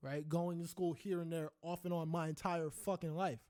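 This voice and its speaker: A young man with a high voice talks in a heated, profane rant on a podcast, tripping over restarts as he pushes his point. The sound is dry and close. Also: flat delivery, moderate pace, darkish tone, no echo. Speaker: podcast co-host. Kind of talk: casual podcast chat.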